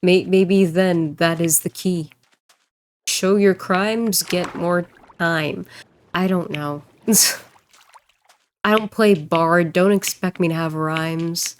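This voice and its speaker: Low-voiced woman chatting on stream. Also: fairly even intonation, slight background noise. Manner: rambling, joking, quick to laugh. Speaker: streamer and voice actor. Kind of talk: casual livestream chat while gaming.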